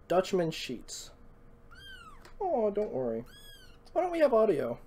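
A woman's voice: mid-range voice, a little slow, pauses often, slight background noise. A woman chatting casually on a live game stream, cooing and fretting over her cat while she plays. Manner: animated, coos and frets over a cat.

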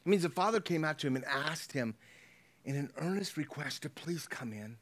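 A man's voice: a little high, lively intonation, normal speed, a bit bright. A middle-aged man preaching a sermon as pastor, talking conversationally, repeating his words and checking in with his listeners.

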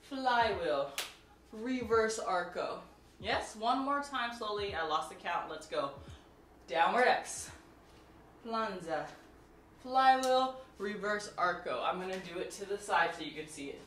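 A woman's voice: mid-range voice, animated, unhurried, fairly bright tone, a little hiss or hum. Woman coaching martial arts in an echoey room. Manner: counts out moves and cues students; chatty, laughs and jokes with viewers. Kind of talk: instructional tutorial. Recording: echoey room, mic at a distance, faint music.

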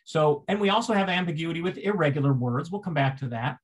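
A man's voice: on the high side, lively intonation, fast, breathy edge. A man giving a seminar lecture, explaining step by step, asking rhetorical questions and restarting phrases as he goes.

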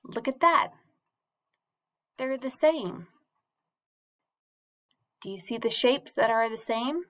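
A woman's voice: a little high, expressive, slow pace, fairly bright tone. A woman teacher leading a morning classroom routine for young children, prompting patiently in a sing-song way. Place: classroom or home teaching space.

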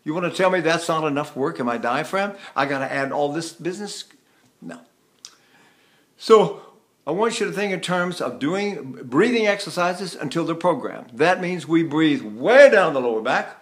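A man's voice: fairly high pitch, expressive, moderate pace. An older man from the United States giving a vocal lesson, talking in a rambling way and breaking into sung demonstrations. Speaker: voice teacher.

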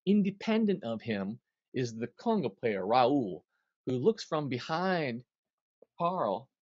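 A man's voice: mid-range voice, takes it slowly, slightly rough, dry recording. A man tells a stage story as an interview guest, acting out the other voices as he goes. His voice sits in the middle range. The sound is dry and a little dull. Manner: animated storyteller, acts out quotes.

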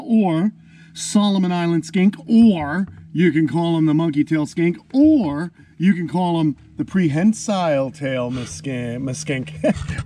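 A man with a fairly high, mellow voice films a casual outdoor vlog among his animal enclosures. As the reptile keeper behind the channel, he keeps up an easygoing patter, addressing his reptiles as he moves along, with a little hiss or hum audible.

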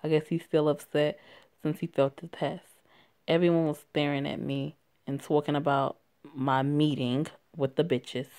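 A woman's voice: sits low, level tone, moderate pace, mellow. A young woman casually reading a written story aloud, stumbling and correcting herself, swearing and laughing as she goes. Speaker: story reader.

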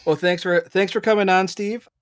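A man's voice: high-pitched, steady tone, normal speed, no room sound, clean studio sound. A man hosting a podcast interview, casual and enthusiastic, with short agreeing replies. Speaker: podcast host.

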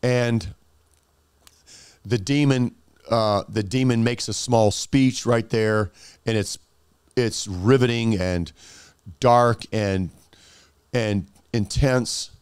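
A male pastor telling a story in a sermon, animated, with many restarts. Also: mid-range voice, slow, long pauses, smooth, dry recording, studio quality.

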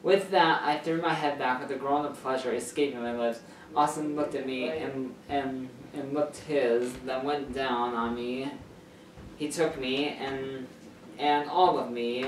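A man's voice: mid-range voice, slight background noise. A man casually reading a fan story aloud in a rambling way, often stumbling and correcting himself, sitting far from his camera's mic. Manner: rambling, filler-heavy, self-correcting. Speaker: channel host reading a story. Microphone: camera mic far from speaker. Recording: echoey room, far from mic.

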